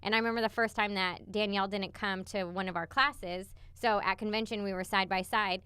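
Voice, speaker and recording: A woman's voice: medium pitch, fairly even intonation, a little fast, sharp tone, clean tone, no room sound. A young woman co-hosting a coaching podcast, chatty and full of "like" as she talks. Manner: chatty, heavy use of "like". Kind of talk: casual chat.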